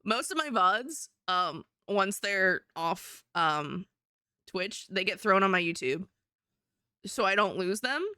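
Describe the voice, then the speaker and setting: A woman's voice: medium pitch, lively intonation, slow, bright, forceful tone, clear, resonant tone, no echo, studio quality. A woman streaming live and chatting casually, laughing often and swearing now and then.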